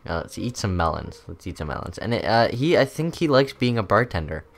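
Here a young man narrates his gameplay for a gaming channel at a brisk clip, loose and full of ums and uhs. He speaks at a medium pitch with big swings up and down.

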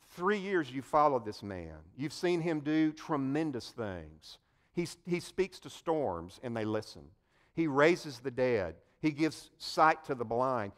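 A man preaching a sermon, telling the story in an animated way and addressing his listeners directly. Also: on the high side. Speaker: pastor.

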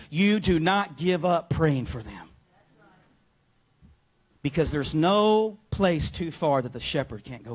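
Energetic preaching pastor, slightly high voice. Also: male voice, husky. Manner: energetic, calls for responses from the congregation. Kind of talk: sermon. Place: church sanctuary.

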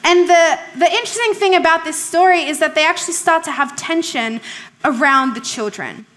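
A woman's voice: very high voice, normal speed, a bit bright. A woman pastor preaching a sermon in a conversational, emphatic way, asking the congregation questions and repeating key phrases.

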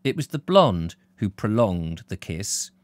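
A man's voice: fairly low pitch, very animated, unhurried, no room sound. A British man giving a live reading of a novel, then chatting with viewers and reading out their comments. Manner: storyteller, reads out viewer comments warmly. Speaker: reader and live-stream host.

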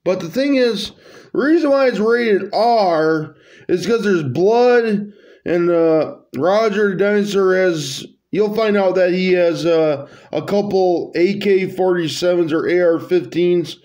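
Man reading his own story aloud, high voice, slow, rambling, hesitant asides. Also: a little mellow. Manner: rambling, hesitant, full of fillers.

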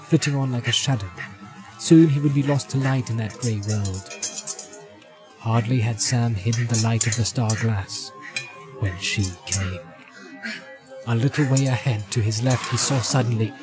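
A man reading a fantasy story aloud in a measured, dramatic narration style. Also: medium pitch. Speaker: audiobook narrator. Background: music.

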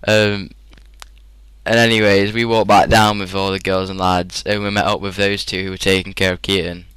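A teenage man with a British English accent rambles through a casual gaming commentary. His slightly low voice sounds bright and clean. The recording is dry and close, with no room echo. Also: flat delivery, normal speed, clear, resonant tone. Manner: rambling, chatty, frequent fillers and laughs. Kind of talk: casual storytelling over gameplay.

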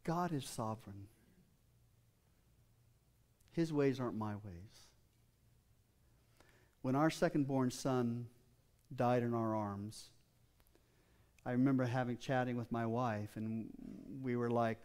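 Older guy pastor giving a sermon, earnest storytelling, trips over his words a lot, regular pitch. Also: takes it slowly, pauses often, a little mellow. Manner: earnest personal storytelling with frequent restarts.

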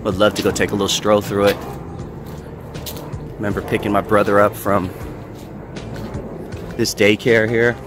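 A man talking casually as he walks and films, reminiscing and sometimes dropping to a hush. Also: lowish voice, flat delivery, moderate pace, long pauses, noisy background. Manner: reminiscing, hushed at times. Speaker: vlogger. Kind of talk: casual walking vlog.

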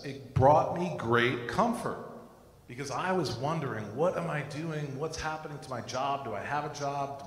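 A middle-aged American man giving an earnest sermon, telling his own story alongside scripture. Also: mid-range voice. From United States. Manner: earnest, personal testimony mixed with scripture. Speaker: Christian teacher. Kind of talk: recorded sermon. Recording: echoey room with long reverb.

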